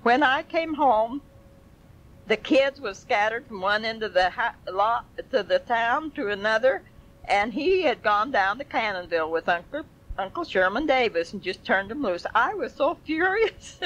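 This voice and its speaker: A woman's voice: on the high side, lively intonation, moderate pace, a bit bright, poor audio. Older woman reminiscing. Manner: folksy, chuckling, rambling. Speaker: family storyteller. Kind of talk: oral history reminiscence.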